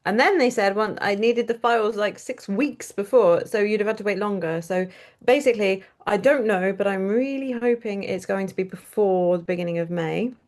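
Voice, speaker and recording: A woman's voice: medium pitch, normal speed, a little mellow. A woman author as a guest in a live interview, gushing with enthusiasm and laughing often. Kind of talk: casual interview chat.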